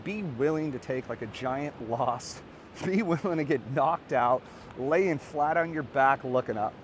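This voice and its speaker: A man in his thirties, a podcast host and coach, giving an energetic, earnest motivational talk to camera outdoors by a beach. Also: mid-range voice, measured pace, slight background noise. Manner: energetic, animated and earnest, rising to excited peaks.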